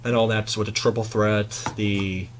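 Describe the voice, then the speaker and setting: A young man hosting a casual chat, asking questions with frequent "um" pauses. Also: lowish voice, little pitch movement, slight background noise. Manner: hesitant, lots of "um" fillers. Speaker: host.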